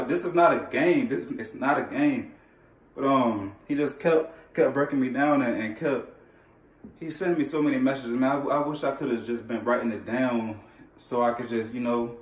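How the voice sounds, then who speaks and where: Man vlogging an earnest testimony in loose slang, recorded echoey from across the room. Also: medium pitch. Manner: earnest, repetitive, slangy, often restarts phrases. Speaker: vlogger sharing a faith testimony. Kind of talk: casual personal testimony. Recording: echoey room, distant mic.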